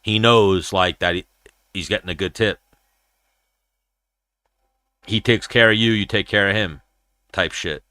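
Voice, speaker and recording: A man hosting a casual livestream chat who tells stories in a profane, animated way and acts out his own quoted lines. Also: deep voice, a little slow, pauses often, no room sound. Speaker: show host.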